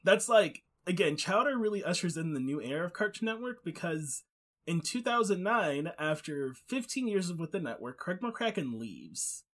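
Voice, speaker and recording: A man's voice: sits high, big pitch swings, normal speed, a bit bright. A man co-hosting a laid-back podcast chat. He rambles through his points, stopping and restarting often, with plenty of fillers along the way. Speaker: podcast co-host. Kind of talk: casual chat.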